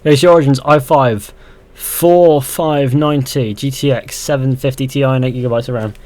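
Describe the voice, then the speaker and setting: A man's voice: mid-range voice, fairly even intonation, moderate pace, a little mellow. A young man live-streaming a game, chatting casually, reading viewer comments aloud and answering with dry sarcasm. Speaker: gaming streamer. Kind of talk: casual live-stream chat while playing.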